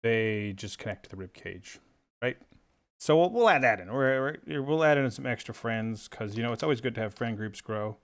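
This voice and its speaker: A man's voice: medium pitch, lively intonation, normal speed. A man teaching a drawing tutorial in a playful, chummy, jokey way. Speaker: art instructor.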